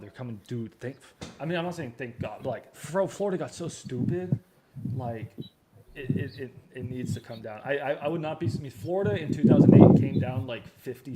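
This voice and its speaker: A man's voice: medium pitch, heavy background noise. Chatty man coaching on a livestream. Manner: chatty and loose, with slang and restarts. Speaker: host of a real estate training livestream. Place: backup home studio at his father's house.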